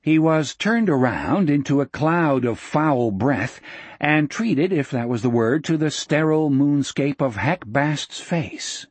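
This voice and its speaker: A man narrating an audiobook in a steady, measured storytelling manner. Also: fairly high pitch, slightly rough, dry recording.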